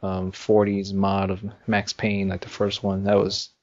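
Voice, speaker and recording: A man co-hosting a casual podcast chat about video games, rambling and halting with many fillers. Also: low voice, monotone, darkish tone. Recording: dull lo-fi sound.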